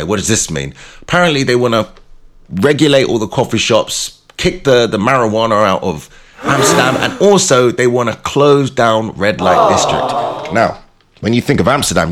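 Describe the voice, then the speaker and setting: A young English man hosting a show, telling stories and chatting in a theatrical, animated way. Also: mid-range voice. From England. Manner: animated, theatrical storytelling with mimicked voices. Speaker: radio host. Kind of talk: casual chat with storytelling.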